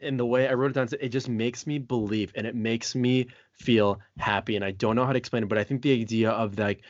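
A man's voice: mid-range voice, fairly even intonation, brisk, no room sound, muffled recording. A man co-hosting a podcast, talking through a film in casual chat with earnest, reflective enthusiasm. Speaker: podcast co-host.

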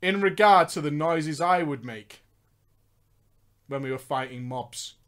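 A woman's voice: low voice, a little slow. A woman casually telling a funny story on a podcast, swearing often, laughing and mocking as she goes.

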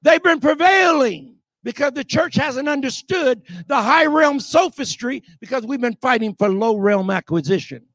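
Fiery male preacher, high voice, shouting, dry close sound. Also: animated, moderate pace, no echo. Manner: emphatic, often shouting, rhetorical calls to the crowd. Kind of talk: sermon.

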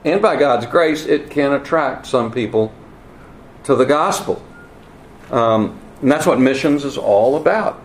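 A man preaching a teaching sermon, earnest and emphatic, with wry asides and halting repeats. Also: medium pitch, lively intonation, slight background noise. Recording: roomy echo, faint ambience.

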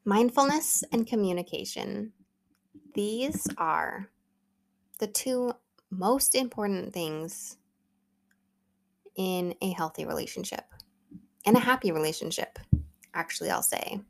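A woman in her thirties hosts her own podcast, talking straight to her listeners in an earnest, conversational coaching manner. Her voice has a gravelly, fried edge at a middling pitch. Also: takes it slowly, pauses often. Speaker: podcast host. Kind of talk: solo podcast talk, motivational.

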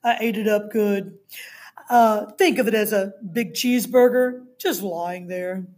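A woman voicing a sly male wolf in a read-aloud storybook, who calmly explains away his misdeeds. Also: a little high, slow, vocal fry, breathy edge, heavily acted. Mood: self-justifying. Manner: innocent, self-justifying storybook wolf. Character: sly male big bad wolf, smooth excuse-maker.

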